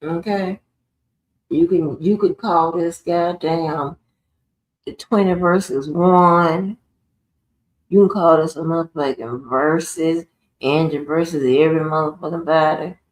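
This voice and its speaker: In a roomy, echoey room, a live-stream host pours out a profane, confrontational monologue full of heavy swearing. Her voice sits low, steady in tone and unhurried.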